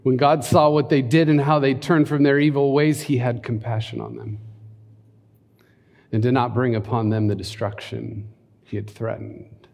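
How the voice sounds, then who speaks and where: A man's voice: medium pitch, level tone, normal speed, creaky, a little mellow. A man preaching and reading scripture aloud, breaking in with conversational asides and leading a prayer. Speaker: pastor. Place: church hall. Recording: long hall reverb.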